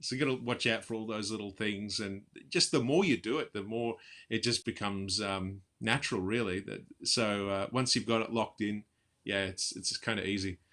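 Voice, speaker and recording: A man's voice: on the low side, sharp tone. A man, an impersonator, chatting casually in an interview over a video call, often laughing. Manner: chatty, quick laughs, drops into voices. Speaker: impersonator guest.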